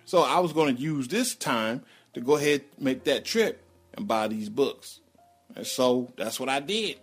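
A man's voice: mid-range voice, animated, normal speed, slightly rough, soft background music. A middle-aged man telling a personal story in a blunt, slangy, rambling way, full of profanity.

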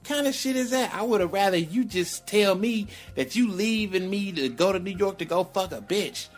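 A woman's voice: mid-range voice, lively intonation, normal speed, soft background music, pitched above the performer's own voice, lightly acted. A man voicing an indignant woman who is scolding him in disbelief during a quarrel. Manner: scolding, incredulous, blunt.

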